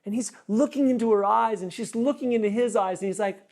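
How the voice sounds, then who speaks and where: A pastor giving an earnest sermon, often repeating words for emphasis. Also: male voice, high-pitched, brisk, a little mellow.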